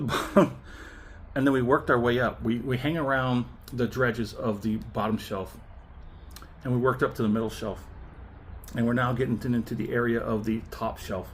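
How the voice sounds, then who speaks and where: A man hosting his own channel, giving a chatty, animated spoken review of a whiskey and laughing between thoughts. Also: medium pitch, a little hiss or hum.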